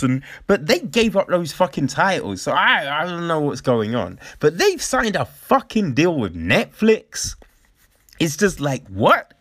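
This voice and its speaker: Swearing, animated man ranting casually. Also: medium pitch, no echo, studio quality. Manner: rambling, swears a lot, animated. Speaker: host. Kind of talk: casual profane commentary.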